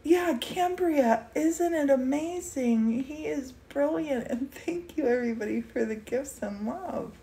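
With a high, dark-toned voice and vocal fry, a woman hosting a painting livestream gushes over a gift, teary and full of exclamations. She speaks a little slowly, barely pausing, in emotional casual chat from an indoor studio.

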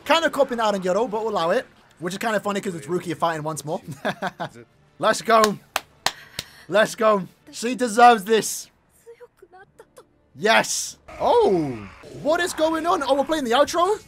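High-voiced excitable young man reacting. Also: measured pace, faint music behind. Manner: excitable, slangy exclamations and shouts. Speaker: anime reaction channel host. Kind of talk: casual anime reaction commentary.

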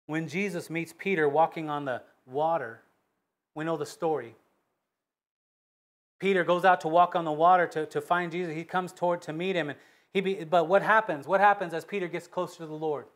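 A man preaching a sermon, reading scripture aloud and swinging between loud fervent peaks and low hushed asides. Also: steady tone, normal speed. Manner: reads scripture in King James wording with emphatic repetition.

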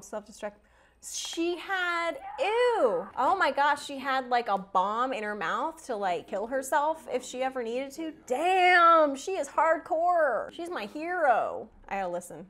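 A woman hosting a casual movie reaction video, talking to herself with quick gasps and frequent laughter. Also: fairly high pitch. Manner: excitable, gasps and laughs often, talks to herself.

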